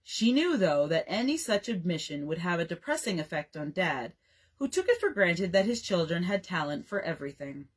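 A young woman librarian reads a bedtime story aloud with a lively, rising and falling voice. Her tone is soft and a little breathy, and she gives each bit of dialogue its own voice. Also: on the low side, normal speed.

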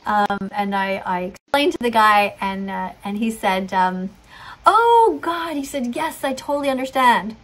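A woman's voice: mid-range voice, moderate pace, few pauses, fairly bright tone. A middle-aged woman earnestly telling a rambling story, acting out what others said. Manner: rambling, earnest, acts out quotes. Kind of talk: storytelling monologue.

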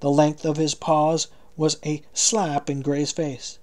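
A man narrating an audiobook in a steady, measured way. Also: a little high. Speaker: audiobook reader.

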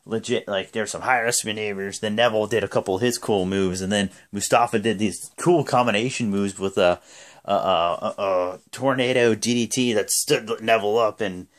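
A man's voice: lowish voice, normal speed. A man giving a casual, rambling spoken recap, full of fillers. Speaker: wrestling show recapper.

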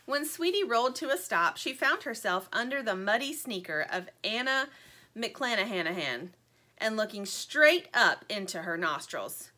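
A woman narrating a children's storybook aloud in an expressive, animated way. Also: medium pitch, moderate pace.

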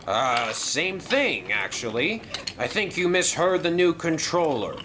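A man's voice: on the high side, very animated, measured pace, noisy background, pitched above the performer's own voice. A man voicing a stubborn young male toy engine who argues insistently. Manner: insistent, argumentative. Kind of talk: toy train story voice acting.

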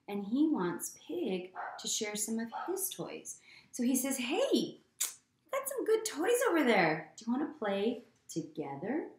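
A woman reading a picture book aloud to children in a gentle manner, often pausing to ask them questions. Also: medium pitch, reverberant. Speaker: storytime reader.

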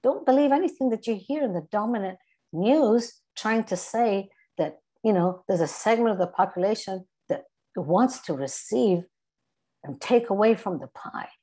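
A woman's voice: medium pitch, expressive, normal speed, dark tone, husky. A middle-aged woman from Iran with an English accent, speaking as a guest in an earnest, emphatic way and repeating her key phrases. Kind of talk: earnest spoken reflection.

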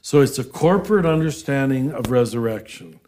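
A man's voice: medium pitch, moderate pace, slight background noise. Earnest man teaching theology in conversation. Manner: earnest, animated, breaks into soft laughs. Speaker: Franciscan priest and author, interview guest.

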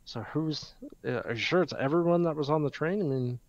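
A man's voice: fairly high pitch, brisk, no echo, lightly acted. A man voicing a brash adult goblin adventurer in a tabletop game, talking in a blunt, wry, irreverent way on a dull, dry lo-fi mic. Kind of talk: tabletop game role-play.

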